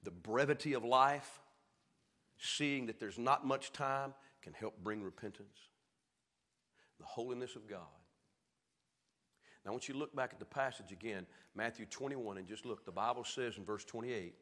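A man with a Southern American accent preaching a sermon as pastor, swinging from shouted peaks down to low, quiet lines. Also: normal speed, long pauses. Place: church sanctuary. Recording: echoey church hall.

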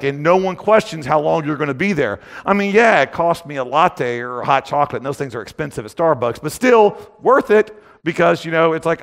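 A man's voice: a little high, vocal fry, a bit bright. A man giving a casual, joking storytelling talk at a conference, rambling and full of filler phrases. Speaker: conference speaker. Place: conference hall stage. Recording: long reverb of a conference hall.

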